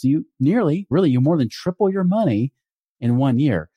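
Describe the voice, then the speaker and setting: A man talks about money in a casual, emphatic way, his pitch rising and falling with lively swings. His voice is mellow and warm, and the recording is dry and close. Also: brisk, breathy edge, no room sound. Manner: animated, emphatic, acts out quoted people. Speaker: podcast host and financial advisor. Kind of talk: casual explanatory talk.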